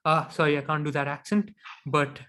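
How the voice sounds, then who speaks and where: A man's voice: fairly high pitch, moderate pace, bright, forceful tone. A man co-hosting a cricket podcast, giving opinionated, analytical takes in casual chat.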